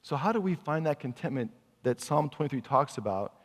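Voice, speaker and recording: A man's voice: mid-range voice, lively intonation, a little fast. Man preaching in a reverberant hall. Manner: conversational preaching with rhetorical questions. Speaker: pastor. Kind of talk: sermon.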